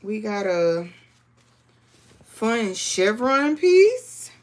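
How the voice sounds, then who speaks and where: A woman's voice: medium pitch, big pitch swings, extremely slow. A woman hosting a live sewing stream, chatting casually with viewers and reading the chat aloud. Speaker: crafting livestream host.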